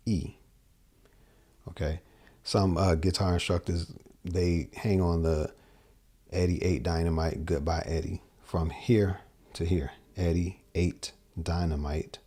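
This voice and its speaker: Low husky male guitar teacher. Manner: relaxed, explains step by step, checks in with "okay?". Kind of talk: casual instructional talk.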